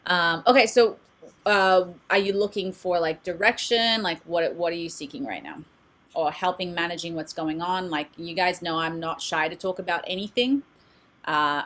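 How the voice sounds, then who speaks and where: A woman's voice: fairly low pitch, fairly bright tone. A woman hosting a casual live-stream oracle card reading, talking candidly and reading messages aloud, recorded at home in a closet she uses as a studio. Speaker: oracle card reader and meditation channel host.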